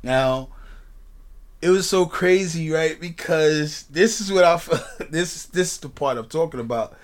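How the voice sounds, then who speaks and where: Guy telling a wild story on a podcast, animated, swears a lot. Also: on the high side, measured pace. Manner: animated storyteller, swears freely, repeats "you know what I mean". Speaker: podcast host. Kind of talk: casual storytelling chat.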